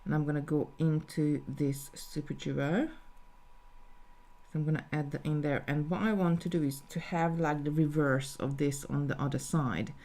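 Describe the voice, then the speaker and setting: A woman's voice: low-pitched, steady tone, normal speed, mellow. A woman talking through a live beading tutorial step by step, thinking aloud as she works. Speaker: jewellery designer teaching beading.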